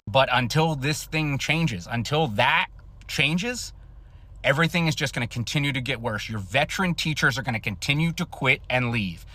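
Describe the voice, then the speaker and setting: A man's voice: medium pitch, expressive, normal speed, pushed and bright. A man speaking earnestly to camera about teaching stress, laying out his points like a lesson. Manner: earnest, lecturing. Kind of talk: commentary to camera.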